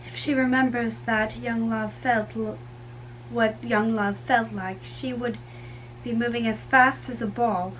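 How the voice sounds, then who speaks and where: Woman reading an impatient young girl in love, pleading softly, bright voice. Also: a little high, fairly even intonation, a little slow, a little hiss or hum, pitched below the performer's own voice, low-quality recording. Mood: wistful. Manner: pleading, pressing. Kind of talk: dramatic reading.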